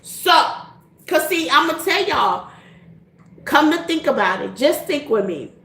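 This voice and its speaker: A woman's voice: sits high, big pitch swings, unhurried, fairly bright tone, reverberant, slight background noise. A middle-aged woman hosting a casual chat to her viewers, laughing often and repeating her points in a direct, folksy way. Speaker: tarot reader and channel host.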